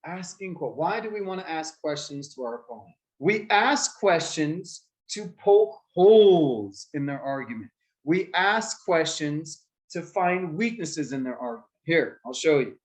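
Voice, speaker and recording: A man teaching a class of children how debate works, with a slightly high voice. He keeps asking his students questions and acts out short examples as he explains. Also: expressive, a little slow, rough recording.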